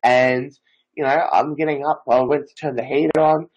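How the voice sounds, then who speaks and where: A man's voice: mid-range voice, steady tone, moderate pace, slightly rough, dull audio. A nineteen-year-old man, a psychic medium and Reiki master, telling stories in a casual, rambling interview full of filler phrases.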